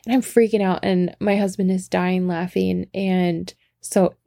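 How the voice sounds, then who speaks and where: A woman telling a personal story in a casual, animated way, laughing often and swearing freely. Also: fairly low pitch, measured pace, gravelly, no room sound, studio quality. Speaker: storyteller sharing a personal anecdote.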